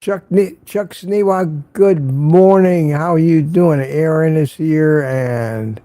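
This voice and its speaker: A man's voice: a little high, slow pace, warm tone, dry recording. An older man hosting a casual morning livestream, greeting viewers by name and rambling sarcastically. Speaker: livestream host.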